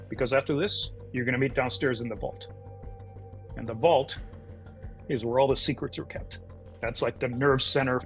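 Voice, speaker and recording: A man's voice: mid-range voice, fairly bright tone. A middle-aged man, a podcast guest, telling a story in conversation and acting out the voices of the people in it.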